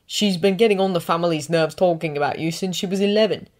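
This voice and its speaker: A woman's voice: fairly low pitch, moderate pace, close to an everyday voice. A woman reading a fan story aloud while voicing a teenage boy wizard, a blunt and loyal friend, in an earnest, blurting way. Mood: earnest protective.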